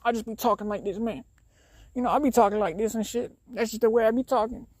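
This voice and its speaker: Drawling young guy, mimicked by a man, high and defensive. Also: fairly even intonation, fast, a little mellow, dry recording. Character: young man defending his slangy way of talking.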